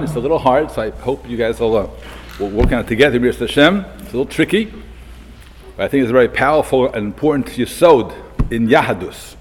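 A man giving a Torah lecture to students as a yeshiva rabbi, animated and acting out the quoted speakers, mixing in Hebrew and Yiddish terms. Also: mid-range voice, big-room sound, a little hiss or hum.

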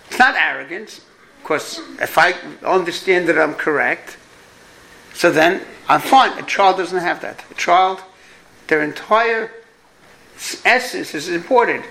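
A man's voice: high-pitched, lively intonation, unhurried, gravelly, sharp tone, low-quality recording. A man from New York with a New York accent, giving a parenting lecture to an audience, emphatic and repeating his key points, with jokey asides.

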